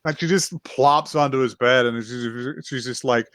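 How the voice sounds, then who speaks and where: A man's voice: mid-range voice, measured pace, a bit bright, dry recording, studio quality. A man co-hosting a podcast, rambling through an anime recap with lots of laughs and little acted-out voices. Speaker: podcast co-host. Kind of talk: casual chat recapping an anime.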